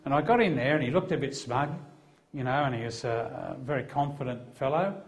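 A man's voice: medium pitch, animated, a little fast. A middle-aged Australian man, a Christian police officer, telling an emphatic testimony as a preacher. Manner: earnest, emphatic storytelling.

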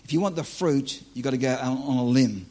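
A man's voice: mid-range voice, fairly quick, mellow. A man preaching live to a church audience, teaching on dreams in a joking, conversational, self-deprecating way.

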